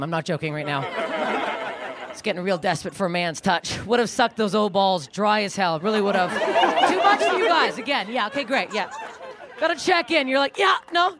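A woman in her thirties doing a crude, self-deprecating stand-up set, acting out shouted quotes. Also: mid-range voice. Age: 30s. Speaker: stand-up comedian. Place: comedy club stage. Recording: live club with faint crowd and noise. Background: audience laughter.

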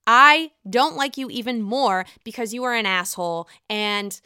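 A woman talks through her favorite reality shows in a gushing, gossipy way, cursing freely and swinging from muttered asides to excited outbursts. Her voice is bright and crisp, and it sits a little high. The sound is dry and close, with no room around it. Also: moderate pace, no echo. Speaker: reality TV commentator. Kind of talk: casual chat.

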